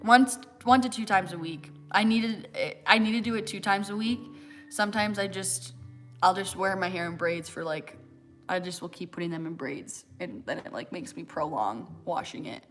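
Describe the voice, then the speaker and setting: A woman's voice: lowish voice, moderate pace, faint music behind. A young American woman in her twenties hosting a livestream, chatting casually and answering viewer questions with lots of fillers. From United States. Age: 20s. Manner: chatty, many fillers and "like", laughs often. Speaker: fitness livestream host.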